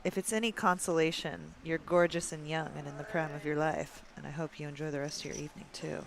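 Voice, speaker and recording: A woman's voice: sits low, steady tone, fast talker, gravelly. A woman commentating a live poker stream in a playful, teasing way, laughing often.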